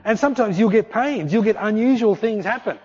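Animated preacher, dull lo-fi sound. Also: male voice, sits high, a little fast, breathy edge. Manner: conversational, animated, acts out voices in anecdotes. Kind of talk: sermon. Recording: dull lo-fi recording.

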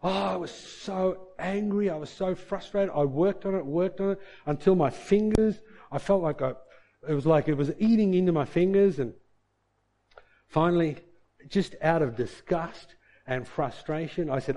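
A middle-aged man in the pulpit shares a story from his own life, mimicking his muttered inner complaints under his breath. As a pastor preaching, he speaks at a moderate pace with a dark tone.

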